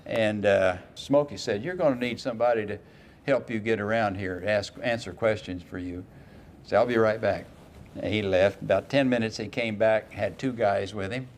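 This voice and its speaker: An older man with a fairly low voice tells his stories in a relaxed, folksy way. He acts out the lines of the people he quotes. Faint room ambience sits behind him. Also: normal speed, slight background noise. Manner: folksy anecdotes, quoting others in lively voices. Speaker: interview guest, retired racing driver. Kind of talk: casual storytelling interview.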